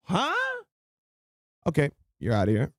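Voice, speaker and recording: Animated mocking male stream host. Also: fairly high pitch, normal speed, no room sound, clean studio sound. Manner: animated, slangy, mocking rants; laughs and interrupts himself to greet viewers. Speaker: livestream host. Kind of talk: live stream reaction commentary.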